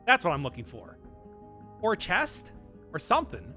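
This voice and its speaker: A young man live-streaming a game, chatting casually and answering chat in an animated, self-mocking way. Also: high voice, moderate pace, faint music behind. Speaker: gaming streamer.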